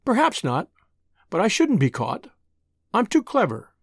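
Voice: mid-range voice, huge pitch swings, unhurried, gravelly, breathy edge, no echo, full character voice. Reader doing a bold young woman, teasing and breezy, voice jumps up and down a lot, dry close sound. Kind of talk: audiobook reading.

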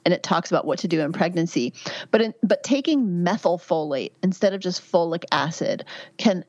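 A candid woman in her fifties speaks in a lowish voice, giving advice in a chatty way full of "um" and "you know". The recording sounds dull and lo-fi, with a dry close sound. She talks like a physician on a podcast. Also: expressive, normal speed, no echo. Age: 50s. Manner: candid, chatty, warm advice with frequent fillers. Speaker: physician guest. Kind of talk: podcast interview answers.

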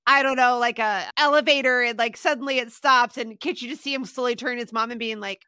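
A middle-aged woman chats on a podcast with quick, eager reactions. Her voice is high and bright, and the recording is close and dry. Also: fairly even intonation, clean tone, dry recording. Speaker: podcast co-host. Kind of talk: casual chat.

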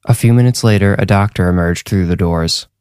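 Deep-voiced man narrating horror. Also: fairly quick, a little mellow, smooth, dry recording, clean studio sound.

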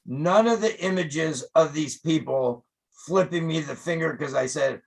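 Gravelly, animated older man telling stories. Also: a little high, unhurried, poor audio. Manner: animated, profane, acts out quotes loudly. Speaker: rock photographer, interview guest. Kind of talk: casual storytelling interview.

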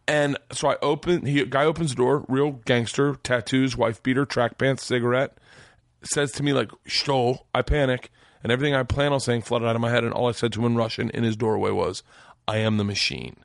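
A man in his forties telling a long story in casual podcast chat, profane and animated, his voice leaping up when he quotes himself. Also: medium pitch, a little fast, creaky, no room sound, clean studio sound. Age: 40s. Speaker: podcast guest.

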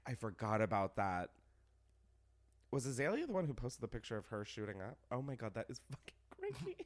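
A young man hosts a casual podcast chat, gossiping with friends. His pitch swings widely as he tells stories, and he breaks into laughter often. He fills his talk with "like" and keeps a loose, playful tone. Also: a little fast. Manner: animated, gossipy, laughs often, heavy use of "like". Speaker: podcast host.

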